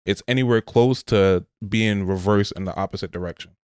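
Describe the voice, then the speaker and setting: A man co-hosting a casual podcast chat, quick and laughing, arguing his point. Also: lowish voice, a little mellow, smooth, dry recording, clean studio sound. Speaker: podcast co-host.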